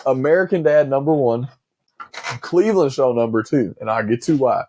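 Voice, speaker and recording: A young man co-hosting a casual podcast, profane and excitable, often acting out movie scenes in quoted voices. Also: medium pitch, moderate pace. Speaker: podcast co-host. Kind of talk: casual chat.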